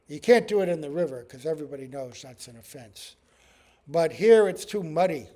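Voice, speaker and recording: High-voiced man giving a spiritual talk. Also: expressive, normal speed, a crowd in the background. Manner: storytelling with acted quotes and frequent "right?". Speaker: spiritual teacher. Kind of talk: scripture class talk.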